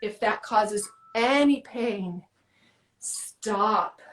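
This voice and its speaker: A woman fitness coach guiding a workout with quick, encouraging cues, out of breath. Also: medium pitch, fairly bright tone, roomy sound, rough recording.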